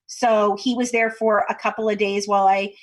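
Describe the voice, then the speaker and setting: A woman from Kentucky, a true crime podcast co-host, chatting in an interview over a video call as a lively storyteller. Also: mid-range voice, moderate pace. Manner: chatty storyteller, acts out quoted voices. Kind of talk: casual interview chat.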